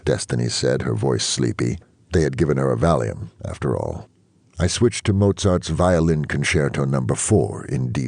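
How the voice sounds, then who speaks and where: A man reading a novel aloud in first-person narration, measured and even. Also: extremely low pitch, gravelly, husky, no echo. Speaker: audiobook reader.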